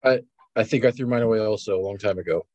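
A man's voice: lowish voice, quick pace, a little mellow, no room sound, lo-fi sound. A man playing a tabletop game, hesitant and full of fillers, slipping into goofy in-character lines. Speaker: player. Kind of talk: in-character tabletop role-play.

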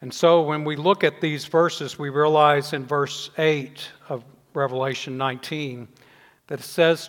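An older man preaching a sermon, measured, letting his voice fall softly at the ends of phrases. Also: fairly high pitch, steady tone. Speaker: pastor. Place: church sanctuary. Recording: long reverb in a church hall.

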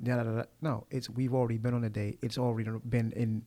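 A man who talks quickly in a gravelly voice, lively and expressive. He often restarts his sentences and acts out what other people said. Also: mid-range voice. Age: adult, formerly married nine years. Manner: animated, acts out quoted lines. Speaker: guest poet. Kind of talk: casual conversation.

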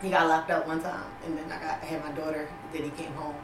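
Woman, casual chat, nonchalant, blunt, quick talker, distant mic, roomy echo. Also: sits low, flat delivery. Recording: roomy, distant mic, faint background noise.

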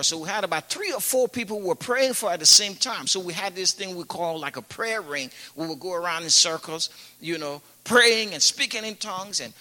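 A man's voice: a little high, pushed and bright. A man from Africa preaching and telling stories, chatty, with many "you know"s and laughs. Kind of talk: sermon with personal storytelling. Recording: echoey hall with long reverb.

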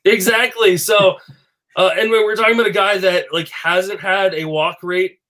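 A man talking fantasy baseball in a casual chat, animated and full of fillers and restarts. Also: high-pitched, normal speed. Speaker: fantasy baseball podcast panelist.

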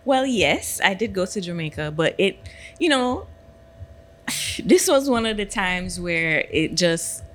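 A woman's voice: medium pitch, lively intonation, takes it slowly, a bit bright. A young adult woman co-hosting a podcast, laid-back and wry in casual chat, often murmuring agreement. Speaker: podcast co-host.

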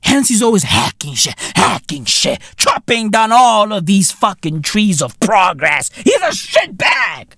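Male podcast host, slow-paced, animated and exasperated, cursing and sarcastic. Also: sits high, gravelly, no room sound, clean studio sound. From South Africa. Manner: profane, sarcastic, exasperated ranting with slang. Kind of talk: solo podcast commentary rant.

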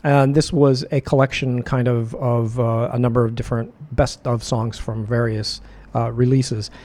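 A man hosting a radio music show. He back-announces songs in a casual, rambling way, correcting himself with many filler pauses and hiccuping as he goes. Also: mid-range voice, level tone, a little mellow.

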